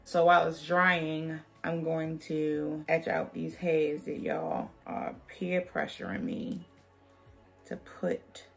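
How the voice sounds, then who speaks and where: Woman vlogger, low voice, gravelly, sassy and joking, faint music behind. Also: slow pace. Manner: sassy, playful, jokes with viewers. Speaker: beauty vlogger. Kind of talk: chatty wig tutorial.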